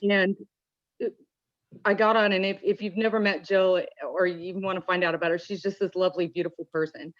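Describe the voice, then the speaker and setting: A woman giving an emotional personal testimony in an earnest, halting way with many restarts, choked up at times. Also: lowish voice, flat delivery, muffled recording. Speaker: call-in participant.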